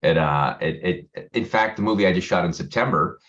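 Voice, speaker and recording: A man with a very low voice talks about his work in a loose, rambling way, often starting over mid-sentence. His audio comes through dull and lo-fi, the way a video call does. He laughs easily as he goes. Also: a little fast, a bit bright. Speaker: actor guest. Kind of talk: casual interview chat.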